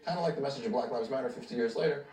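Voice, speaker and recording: A man's voice: medium pitch, racing. A man explaining history thoughtfully in a documentary interview. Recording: roomy, distant mic, music bed.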